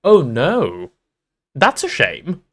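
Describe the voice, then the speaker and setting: A man's voice: fairly high pitch, wildly swooping pitch, drawn-out words. A man streaming a game live, chatting casually and playfully with his viewers, greeting them and repeating words as he reacts.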